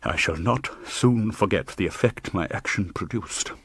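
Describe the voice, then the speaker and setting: A man's voice: deep voice, normal speed, a bit bright, breathy edge, dry recording. A man reading an audiobook in a dramatic, tense manner, close to the microphone. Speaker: audiobook narrator. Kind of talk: scripted audiobook narration.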